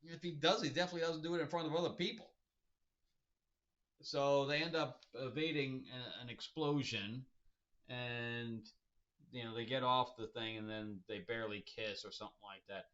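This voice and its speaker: Male comic reviewer, casual rambling chat, bright voice, amused, muffled lo-fi sound. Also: mid-range voice, fairly even intonation, moderate pace. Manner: rambling, amused, chuckling asides. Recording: dull lo-fi recording.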